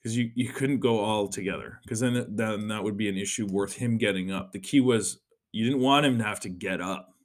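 A man with a fairly low voice hosts a podcast, talking at a normal speed in a rambling, chatty solo monologue. He swears often and leans on plenty of filler words in this casual talk.

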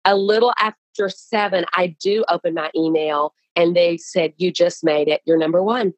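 A woman guest with a fairly low voice talks at a normal speed about writing and releasing her book. She's casual, earnest and animated, restarting her sentences often as she tells the story. The recording is rough, with no room sound.

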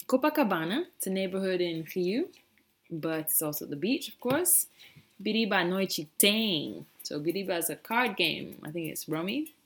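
A woman, a native English speaker, teaching phrases in a casual, playful lesson and repeating words slowly for learners. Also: on the low side. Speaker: language teacher.

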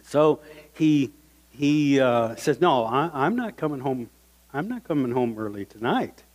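Animated male preacher in a reverberant hall. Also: medium pitch, measured pace. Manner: animated storytelling, acting out quoted voices. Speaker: guest speaker. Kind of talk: sermon storytelling.

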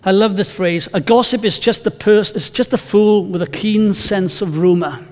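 Male pastor, conversational sermon, high voice, long church-hall reverb. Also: normal speed. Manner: conversational, anecdotal, emphatic scripture reading.

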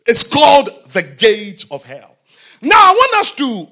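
Man, preacher, sermon, high voice, bright and forceful, asks questions of the congregation. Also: huge pitch swings, slow. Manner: swings between shouting and quiet talk.

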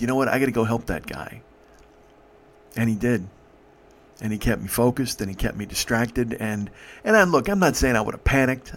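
A man hosting a podcast, telling a personal story in an emotional, profane way, halting and restarting. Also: medium pitch. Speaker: podcast host.

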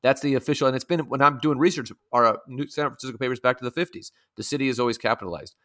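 Man, podcast host, quick talker, friendly, casual chat. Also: medium pitch, bright, forceful tone.

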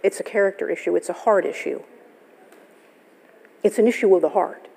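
Woman pastor, sermon, gravelly voice, storytelling, long church reverb. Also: medium pitch, brisk, warm tone. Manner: storytelling, conversational, laughs often. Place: church sanctuary. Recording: live church service, long hall reverb.

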